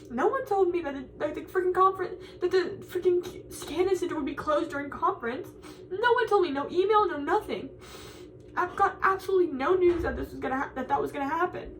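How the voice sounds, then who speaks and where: A woman's voice: very high voice, far from the mic, slight background noise. A young woman, a college student, venting to camera in a frustrated, tearful, rambling way and repeating herself. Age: young adult.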